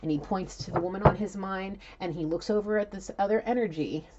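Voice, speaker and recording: A woman's voice: mid-range voice, a little fast, mellow, dull audio. A woman doing an intuitive reading, talking casually and emotionally and swearing freely. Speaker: intuitive reader.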